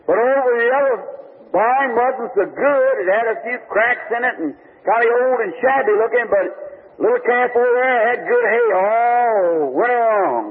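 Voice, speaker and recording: A man's voice: extremely high pitch, normal speed, breathy edge. An older man preaching a folksy testimony sermon, telling homely stories with stammered restarts, on a tinny old recording.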